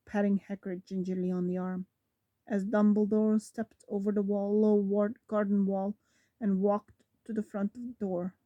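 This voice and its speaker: A woman reading a novel aloud, slowly, often stumbling over words and correcting herself. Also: mid-range voice, dark tone, no room sound. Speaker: reader.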